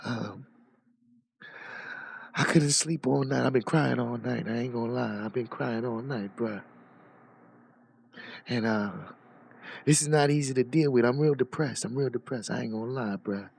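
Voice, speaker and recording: A man's voice: mid-range voice, moderate pace, creaky, pauses often, darkish tone, slightly rough, dry recording, pitched below the performer's own voice. A man mocking a weepy, broken grown man. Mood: mock sorrow. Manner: mopey, sniffly, self-pitying.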